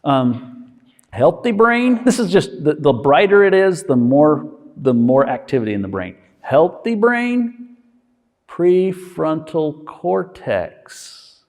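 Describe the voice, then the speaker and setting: A male doctor gives a relaxed, conversational lecture, often pausing to ask if his listeners follow. His voice sits a little high and swings widely in pitch as he slips into quick voiced asides. The sound carries a long reverb tail, like a large lecture hall. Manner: checks in with listeners with frequent "okay?". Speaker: physician lecturer.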